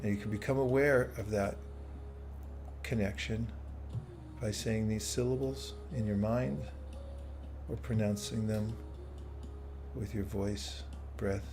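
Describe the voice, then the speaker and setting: A man's voice: lowish voice, fairly even intonation. Soothing man guiding a meditation. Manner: slow, soothing guidance with playful asides. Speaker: meditation and bhakti yoga teacher. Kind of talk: guided meditation with live chat. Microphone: streaming setup, own audio controls. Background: soft soothing music.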